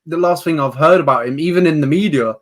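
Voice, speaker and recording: A man co-hosting a live MMA preview show, quickly rattling off fighters, records and matchups. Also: a little high. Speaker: podcast co-host. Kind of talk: casual MMA chat.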